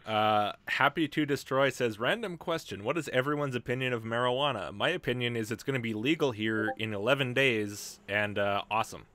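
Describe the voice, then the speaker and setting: A man hosting a livestream, chatting animatedly and laughing, a little deadpan at times, over a computer mic. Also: medium pitch, brisk, few pauses, no echo. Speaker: livestream host. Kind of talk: casual chat.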